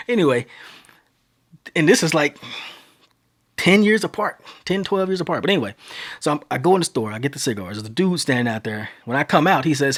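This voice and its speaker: A man in his thirties from Texas, hosting a podcast and telling a long story in a casual, animated way, his voice climbing as the tale gets exciting. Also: fairly high pitch, a little fast, slightly rough. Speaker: podcast host.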